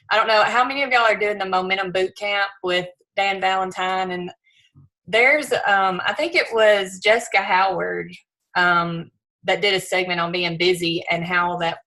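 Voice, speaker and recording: Bright-voiced woman, earnest and chatty. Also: on the low side, fairly even intonation, normal speed, rough recording. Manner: emotional, earnest, chatty with restarts. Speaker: new regional director, health coach. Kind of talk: casual team call talk.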